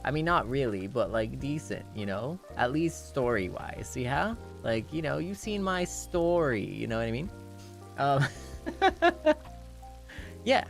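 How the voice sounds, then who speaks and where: Rambling young man with lively pitch. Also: measured pace, creaky, soft background music. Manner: rambling, full of "you know" and restarts; laughs often while telling. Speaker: streamer. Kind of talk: casual storytelling chat.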